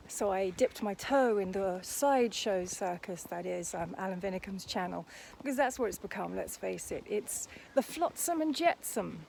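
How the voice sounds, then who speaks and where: A woman's voice: medium pitch, vocal fry, a little mellow, a little hiss or hum. A woman vlogging outdoors as she walks, ranting in a sarcastic, scornful tone. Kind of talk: casual to-camera rant. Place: outdoors, walking.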